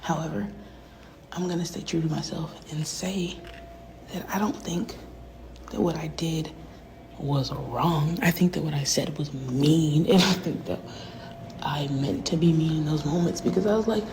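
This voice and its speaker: A woman's voice: low-pitched, measured pace, noisy background. A woman rapper in a profane, rambling livestream rant that often sinks to a whisper.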